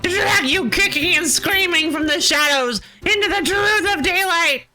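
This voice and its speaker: A woman voicing a paranoid conspiracy ranter in a game, loud, theatrical and accusing. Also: very high-pitched, unhurried, soft background music, pitched above the performer's own voice, exaggerated voice, rough recording. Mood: ranting. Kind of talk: voicing game characters on stream.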